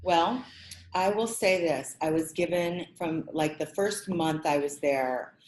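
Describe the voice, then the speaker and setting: A middle-aged woman from the American Midwest, a podcast guest telling her career story in an animated, expressive way and acting out quotes. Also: low-pitched, slow pace, a little hiss or hum. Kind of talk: conversational storytelling. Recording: roomy echo.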